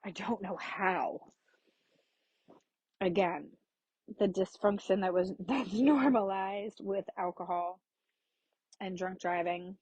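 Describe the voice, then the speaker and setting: A woman's voice: medium pitch, takes it slowly, pauses often, a little mellow, husky, no echo, low-quality recording. A woman hosting her own podcast, candidly telling a personal story in a frank, casual way that includes swearing. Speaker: podcast host.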